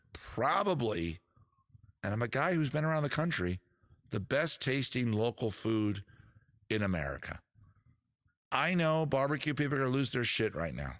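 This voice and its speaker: A man's voice: mid-range voice, fairly bright tone, no echo, clean studio sound. A middle-aged man from Maryland, hosting a casual livestream chat in an emphatic, chatty way. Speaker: host.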